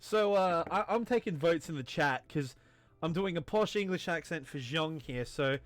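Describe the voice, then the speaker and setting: A man's voice: a little high, animated, moderate pace, dry recording. A tipsy man streaming a game, rambling, self-mocking and crude as he talks to his chat. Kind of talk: drunken game commentary.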